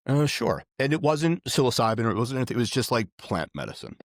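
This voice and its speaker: A man's voice: medium pitch, sing-song, fast, few pauses, dry recording, clean studio sound. A man guest in a casual conversation, earnest and rambling, with many fillers and restarts. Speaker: podcast guest.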